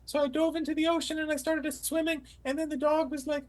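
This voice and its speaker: Very high-voiced woman telling a goofy story. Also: little pitch movement, quick pace, hardly any pauses, low-quality recording. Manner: rambling, goofy comedic delivery. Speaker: player. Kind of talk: in-character tabletop storytelling.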